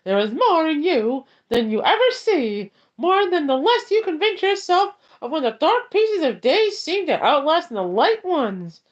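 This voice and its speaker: A woman doing a squeaky Mickey Mouse voice. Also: sing-song. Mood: tender. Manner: slow, sing-song poem reading. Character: squeaky high cartoon mouse, cheery. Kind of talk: ASMR poem reading. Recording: dull lo-fi stream audio.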